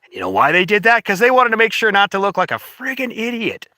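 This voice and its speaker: A man's voice: high voice, wildly swooping pitch, quick pace, sharp tone, no room sound. A man ranting casually to the camera in a profane, rambling, indignant way. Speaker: vlogger.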